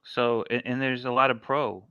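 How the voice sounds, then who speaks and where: A man's voice: mid-range voice, fairly even intonation, pushed and bright, smooth, no echo, muffled recording. A man chatting casually over an online call and questioning what he hears. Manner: questioning, contrarian, quick to disagree. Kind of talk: casual chat.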